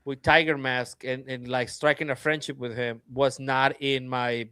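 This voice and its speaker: A man's voice: mid-range voice, normal speed, smooth, no echo, clean studio sound. A man on a casual wrestling podcast, telling stories animatedly, often restarting his sentences. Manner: animated storytelling with many restarts.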